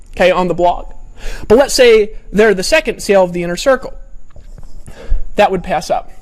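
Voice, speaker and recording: A man with a notably high-pitched voice coaches his audience through a sales training. His delivery is casual and playful, full of jokes and repeated phrases. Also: a little mellow. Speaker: network marketing trainer.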